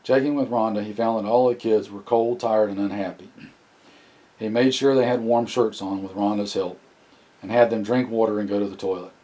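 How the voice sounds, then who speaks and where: A man narrating an audiobook in a plain, steady reading with occasional restarts. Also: lowish voice, brisk, rough recording. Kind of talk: scripted narration.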